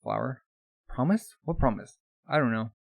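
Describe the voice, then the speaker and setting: A man voicing a feisty teenage girl mechanic, pitching up with shrill outbursts. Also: fairly quick, darkish tone, dry recording, close to an everyday voice. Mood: scolding.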